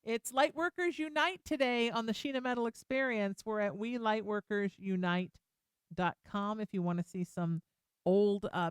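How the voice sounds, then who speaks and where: A woman's voice: mid-range voice, normal speed, smooth, no room sound, clean studio sound. A middle-aged woman hosting a call-in radio show, chatty and playful, teasing herself and reassuring callers. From Irish heritage. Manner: chatty, playful and self-mocking, warm toward callers. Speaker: radio talk show host. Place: radio studio.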